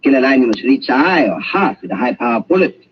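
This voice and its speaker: A stammering German doctor. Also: male voice, medium pitch, sing-song, quick pace, husky. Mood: earnest. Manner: stammering, anxious, ingratiating. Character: nervous fawning German doctor, middle-aged man. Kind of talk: 1940s radio drama acting. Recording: dull lo-fi old radio recording, faint hiss.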